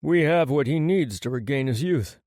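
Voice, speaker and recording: A man's voice: mid-range voice, expressive, normal speed, a little mellow, dry recording, studio quality, natural voice. A male audiobook narrator voicing a confident demon hunter, firm and matter-of-fact. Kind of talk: audiobook character voice.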